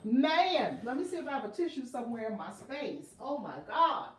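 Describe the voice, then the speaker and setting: Laughing, animated woman host in an echoey room. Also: high-pitched, normal speed, distant mic. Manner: animated, laughing loudly, exclaiming often. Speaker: tarot video host. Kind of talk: casual chat to viewers. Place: room at home.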